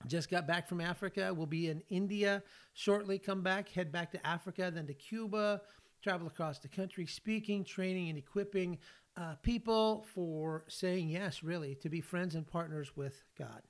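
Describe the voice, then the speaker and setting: An older man from California with a notably high voice hosts a faith podcast. He talks in an earnest, folksy, storytelling way. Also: moderate pace. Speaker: podcast host and ministry leader. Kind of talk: faith podcast monologue with personal stories.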